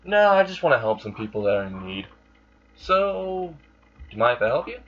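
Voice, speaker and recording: A man's voice: mid-range voice, sing-song, a little fast, a bit bright, pitched above the performer's own voice. Laid-back young hero, as a man puts him on. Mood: helpful. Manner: offhand and chatty. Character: casual, helpful young male hero. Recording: dull lo-fi sound.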